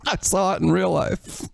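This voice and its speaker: Man making low-key interjections. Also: slow, gravelly. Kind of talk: casual chat.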